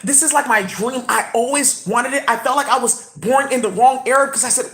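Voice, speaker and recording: Brief: higher-voiced woman, rambling vlog rant, erratic and profane. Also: fairly quick. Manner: erratic, profane, with sudden loud exclamations. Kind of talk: rambling monologue.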